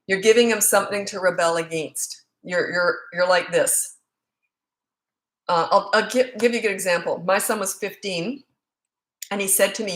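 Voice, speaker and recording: A middle-aged woman answers parenting questions in a loose, chatty way, dropping in personal stories and plenty of fillers. Her voice sits at an ordinary pitch. The room gives it a noticeable echo. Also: fairly bright tone. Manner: chatty, frank, anecdotal, full of fillers. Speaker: parenting coach. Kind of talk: casual Q&A answering viewer questions. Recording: roomy echo.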